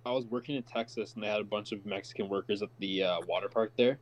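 A man's voice: lowish voice, quick pace, crowd noise. A young man co-hosting a podcast, telling stories casually with some swearing. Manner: animated storyteller, casual swearing.

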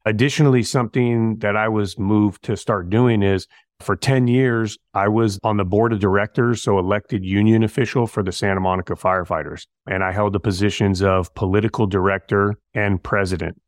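Man with a lowish voice, middle-aged, relaxed slangy storyteller, dry close sound. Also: normal speed, no room sound. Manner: laid-back, slangy, acts out dialogue. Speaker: firefighter guest. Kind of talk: casual storytelling interview.

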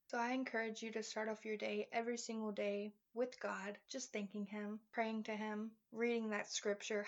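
A woman with a slightly high voice hosts a faith podcast, speaking earnestly and warmly encouraging the listener. She moves from casual tips into a heartfelt spoken prayer. The recording sounds a little dull and lo-fi. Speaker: podcast host.

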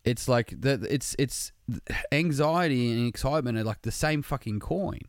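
Man with a smooth, resonant voice; earnest, laid-back talk with some swearing, recorded dry. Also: mid-range voice, normal speed, no room sound. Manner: earnest, casual, swears freely. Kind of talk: casual motivational monologue.

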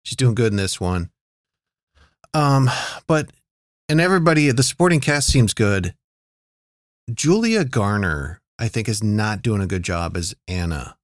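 A man's voice: fairly low pitch, very animated, measured pace, long pauses, dry recording, clean studio sound. A man co-hosting a casual TV review chat, talking in a hesitant, conversational way with frequent restarts. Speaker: podcast co-host.

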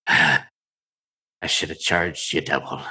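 A man voicing a gruff, practical male ship captain in a tabletop game, with dry, easygoing sailor talk. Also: a bass voice, fairly even intonation, extremely slow, sharp tone, pitched below the performer's own voice, full character voice. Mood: exasperated.

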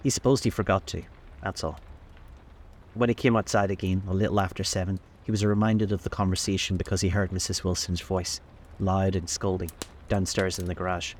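A man narrating a classic novel aloud as host of a storytelling show, in a measured, steady manner. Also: deep voice. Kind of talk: audiobook-style novel reading.

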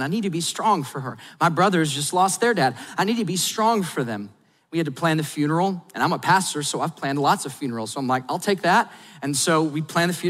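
A middle-aged man, a pastor, preaching a sermon and telling a personal story candidly, going quiet and soft at sad points and rising to urge his listeners. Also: on the high side. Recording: long hall reverb.

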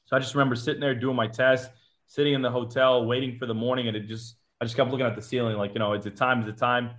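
A man's voice: mid-range voice, flat delivery, racing. A man from Georgia, a former Marine, telling his story as an interview guest, full of "like" and acted-out quotes. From Georgia, USA. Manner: chatty, acts out quotes, frequent "like" and "uh" fillers.

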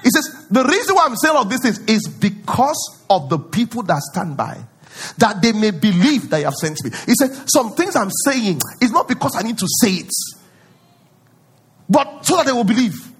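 A male pastor preaching a sermon, acting out prayers in a pleading voice and rising to loud declarations. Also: sits high, sing-song, moderate pace, slightly rough.

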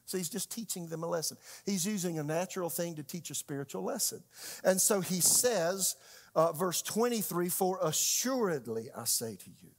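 Male pastor, high tenor, conversational sermon with big dynamic swings. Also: animated, normal speed. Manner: conversational preaching with sharp swings in pitch and loudness, rhetorical questions.

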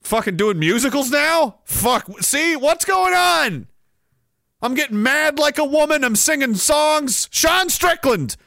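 A sarcastic, foul-mouthed podcast host with a high, bright voice. He rants casually and swings his pitch all over the place, breaking into loud laughter. The sound is dry and close. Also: animated, takes it slowly, vocal fry, dry recording. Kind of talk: casual livestream rant.

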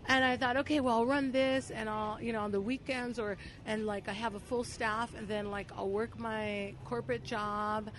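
A woman guest telling a personal story in casual conversation, full of "like" and restarts, getting louder and quicker as she gets excited. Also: fairly high pitch, a little hiss or hum. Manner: filler-heavy, talks with 'like', gets louder and faster when excited. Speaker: podcast guest.

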